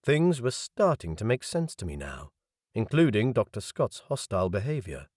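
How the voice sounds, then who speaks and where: A man's voice: fairly low pitch, very animated, moderate pace, darkish tone, dry recording. A man narrating a novel in the first person, with wry, dry asides. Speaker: audiobook narrator.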